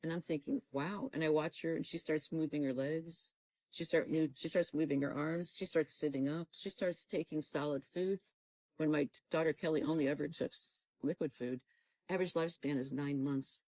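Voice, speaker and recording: A middle-aged woman with a low, warm voice tells her personal testimony in earnest. She acts out her own past dialogue as she goes. The sound is dry and close. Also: fairly even intonation, normal speed, dry recording, rough recording. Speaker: guest telling her testimony.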